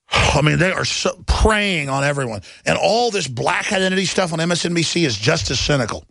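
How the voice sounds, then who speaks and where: A man hosting a political talk show, ranting sarcastically in rapid bursts. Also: fairly high pitch, expressive, vocal fry, fairly bright tone, dry recording. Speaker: talk radio host.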